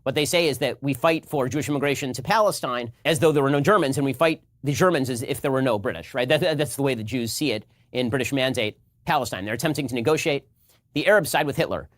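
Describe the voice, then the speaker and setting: A man delivering lecture-style political commentary in a rapid, assertive way. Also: mid-range voice, dry recording.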